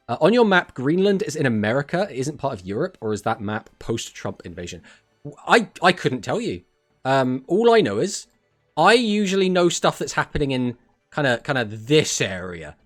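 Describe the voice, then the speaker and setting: An English man casts a card tournament on a live stream and talks with his viewers. He jokes around and answers their messages, and his voice swoops up and down in pitch. Faint music plays underneath him as he speaks into a desk mic. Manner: chatty and joking, reads chat messages aloud and answers them. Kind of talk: casual live-stream chat.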